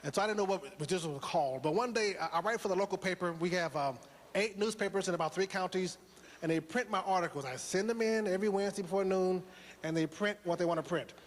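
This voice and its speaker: A man's voice: high voice, quick pace, big-room sound. A man giving a motivational speech to a live audience, preaching with rhetorical questions and repetition. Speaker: motivational speaker.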